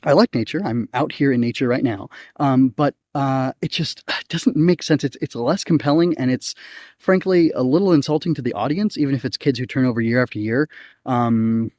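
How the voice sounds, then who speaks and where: A man's voice: mid-range voice, normal speed, darkish tone, no echo, studio quality. A man hosting a casual solo podcast, reviewing an episode in a rambling way with frequent ums and likes, recorded outdoors. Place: outdoors in nature.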